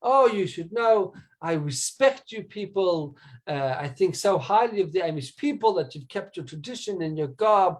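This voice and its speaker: Shrill exasperated lady passenger, a guy putting it on, voice way up high. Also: lively intonation, moderate pace. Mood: gushing. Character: indignant woman passenger, scolding then gushing.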